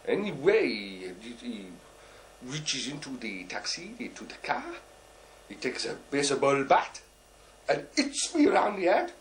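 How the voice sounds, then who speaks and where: A man's voice: medium pitch, wildly swooping pitch, a little hiss or hum. Guy doing a boastful diver character, broken english, rambly, voice jumps all over the place. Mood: rambling. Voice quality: broken, halting English with dropped words. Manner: rambling, full of "uh" and "you know". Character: bumbling boastful male deep sea diver. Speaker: comic storyteller. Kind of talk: character stand-up monologue.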